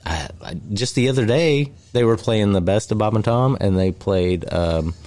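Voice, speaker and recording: Deep-voiced, halting male co-host. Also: expressive, a little mellow. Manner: halting, repeats words, laughs often. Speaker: podcast co-host. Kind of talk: casual chat.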